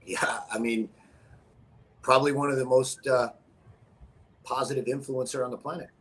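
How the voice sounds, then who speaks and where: A male guest gives short, agreeable answers in a middle-pitched voice. His audio sounds quiet and distant, as if it comes over a video call. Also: fairly even intonation, moderate pace. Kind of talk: casual interview answers.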